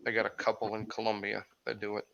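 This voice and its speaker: A man's voice: fairly low pitch, completely flat delivery, quick pace, creaky, fairly bright tone, lo-fi sound. A man in casual chat, hesitant and full of restarts. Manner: hesitant, lots of restarts and ums.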